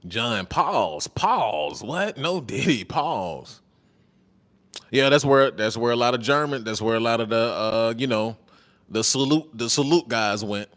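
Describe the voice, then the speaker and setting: A man chats on a livestream in an easygoing, slangy way. He reads out viewer comments and riffs on them, repeats his own lines and laughs often. His voice sits at an ordinary male pitch. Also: expressive, a little slow, a bit bright. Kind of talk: casual livestream chat.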